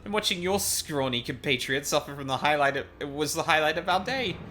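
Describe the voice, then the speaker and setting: A man's voice: fairly high pitch, lively intonation, fairly quick, pushed and bright, faint music behind, pitched above the performer's own voice. A man voicing a smug villain alchemist who mocks his victims in a theatrical, relishing way. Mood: gloating. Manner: theatrical, mocking, relishing others' misfortune.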